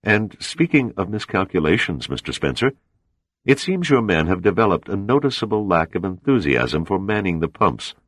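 A man voicing a suave, cold Soviet officer who talks with unhurried, mocking menace. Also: deep voice, sing-song, fairly bright tone, dry recording, pitched above the performer's own voice, full character voice.

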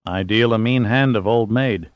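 Man doing a low, deadpan hero type, cool and dry, muffled audio. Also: normal speed, no room sound, close to an everyday voice. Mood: wry. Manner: dry and understated. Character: wry, unflappable male adventurer.

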